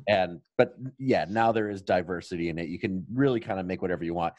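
A man's voice: deep voice, fast, a little mellow, no room sound, lo-fi sound. A man co-hosting a tabletop gaming podcast in casual chat, laid-back and blunt with casual swearing. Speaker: podcast co-host and tabletop player.

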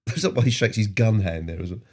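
A man's voice: lowish voice, quick pace, darkish tone, breathy edge. A British man co-hosting a podcast, chatting casually and wryly while they watch an episode together. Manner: wry, chuckling commentary. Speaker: podcast co-host.

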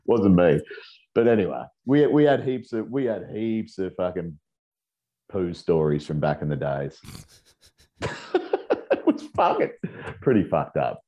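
A deep, low-voiced Australian man spins rambling, profanity-laced anecdotes as a podcast guest. His tone is dark and mellow, and his delivery is loose and animated. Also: unhurried, pauses often, dull audio. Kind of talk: casual storytelling.

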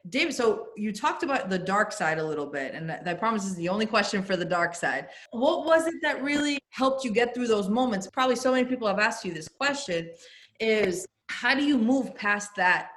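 A woman's voice: mid-range voice, expressive, fairly quick, a bit bright. Eager, casual woman host. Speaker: podcast host. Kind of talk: conversational interview.

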